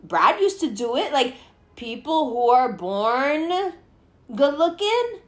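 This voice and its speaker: A woman hosting a casual chat, animated and swearing freely as she acts out what people say. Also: sits high, takes it slowly.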